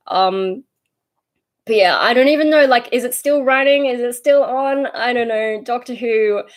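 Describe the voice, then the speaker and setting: A young Australian woman chatting casually on a livestream, rambling and easily sidetracked as she reads and answers viewer comments. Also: medium pitch.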